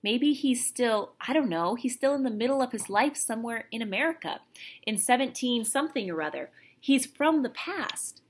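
A woman's voice: a little high, animated, normal speed, husky, voice pushed up. A woman reading as an urgent, insistent young boy. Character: boastful young boy keeping a secret.

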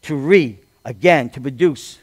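A male pastor preaching a sermon, reading scripture and building to loud, drawn-out, emphatic shouts. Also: mid-range voice, slightly rough, no room sound. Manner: reads scripture aloud with commentary.

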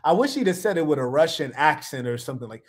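A man's voice: on the high side, expressive, fast. A man hosting a live reaction stream, talking in a laid-back, playful, slang-heavy way. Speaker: livestream host. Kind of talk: casual live reaction commentary.

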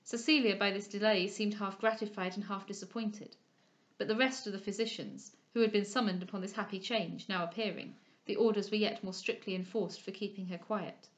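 A woman reading a classic novel aloud in a measured, expressive way. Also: medium pitch. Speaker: audiobook reader. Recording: dull lo-fi recording.

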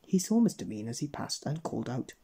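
A man reading a bedtime story aloud in a gentle, expressive way. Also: mid-range voice, a little fast, creaky, breathy edge.

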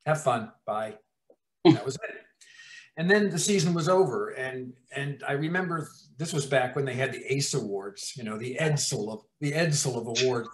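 Profane animated male storyteller. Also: mid-range voice, normal speed. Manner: profane, animated, acts out scenes. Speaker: TV writer-producer guest. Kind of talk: anecdotal storytelling in an interview. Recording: roomy echo.

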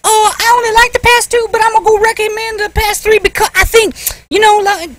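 A woman playing a brash podcast host who swears constantly, rambles and shouts. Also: very high-pitched, flat delivery, fairly quick. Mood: rowdy.

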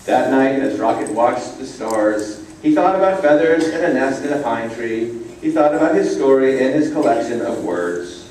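Man reading a storybook aloud, gentle, dark tone, far from the mic in a roomy space. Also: medium pitch, lively intonation, normal speed, slight background noise. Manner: gentle, with casual asides. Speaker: storybook reader. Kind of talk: reading a children's picture book aloud. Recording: echoey room from far off.

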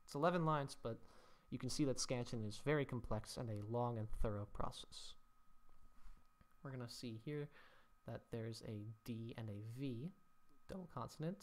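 A man teaching Latin poetry scansion, thinking aloud as he works through each line, with mock-dramatic sighs at the rule-breaking. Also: mid-range voice.

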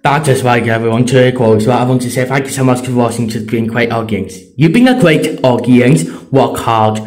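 A man's voice: normal speed, a little mellow. A man giving casual, enthusiastic commentary on traffic lights, repeating himself often. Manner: repetitive, enthusiastic, jumping pitch. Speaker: vlogger.

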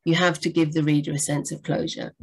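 Lady giving writing tips on a video call, kinda low voice, rambles and restarts a lot. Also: fairly quick, gravelly, breathy edge. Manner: chatty, rambling with restarts, animated pitch jumps. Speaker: book editor and co-host. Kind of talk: live Q&A chat.

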